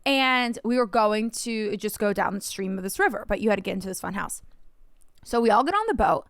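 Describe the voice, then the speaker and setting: A young woman co-hosting a podcast, telling a long story in casual chat, animated, swearing often and filling her talk with "like". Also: medium pitch, fairly quick, no room sound, studio quality. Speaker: podcast co-host.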